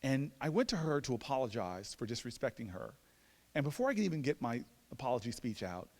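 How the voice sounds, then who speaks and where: Male lecturer, lively self-mocking storyteller, raised pitch swinging widely, reverberant hall. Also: fairly quick. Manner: animated, self-mocking, with stammered repeats. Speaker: guest lecturer. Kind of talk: storytelling speech.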